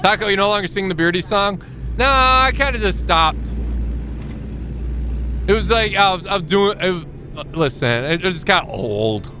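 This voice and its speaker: A man streaming a trucking game, chatting casually and joking with his viewers, now and then jumping into high squeaky exclamations. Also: lively intonation, moderate pace, long pauses, bright, forceful tone, faint music behind. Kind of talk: casual live-stream chat while gaming.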